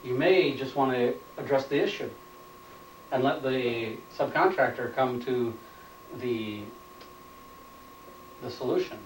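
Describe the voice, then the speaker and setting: A man's voice: mid-range voice, slow pace, long pauses, slight background noise. A man giving a training lecture, plainly stating points and repeating them as questions, recorded indoors on a camera mic from a distance. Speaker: instructor. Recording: roomy, off-mic room sound.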